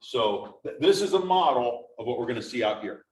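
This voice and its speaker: A man speaks to a church audience in a relaxed, explanatory way, stopping to put questions to his listeners. His voice reaches the recording from some distance across a large sanctuary, with a roomy echo around it. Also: mid-range voice, moderate pace, a little hiss or hum. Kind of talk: informal slideshow talk. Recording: echoey hall from a distance.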